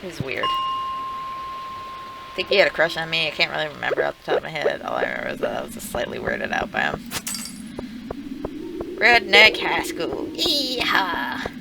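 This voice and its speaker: A woman's voice: low-pitched, huge pitch swings, normal speed, creaky, long pauses, background noise. A woman streamer telling rambling stories while playing a game, swearing freely and laughing often. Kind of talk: casual storytelling while playing a farming game. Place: home streaming setup. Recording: game music playing underneath. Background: game music.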